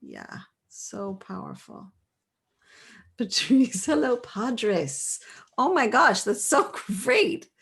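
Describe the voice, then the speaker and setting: A woman in her forties leading a live online class, reading out chat replies in a gentle, affirming way and laughing often. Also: fairly high pitch, sing-song, slow pace, vocal fry. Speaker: course leader.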